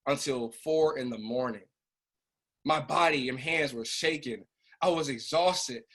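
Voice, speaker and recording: Over a video call, a man who trains a business group shares an emotional personal story in a casual, animated way. His voice is fairly high and his pace a little slow.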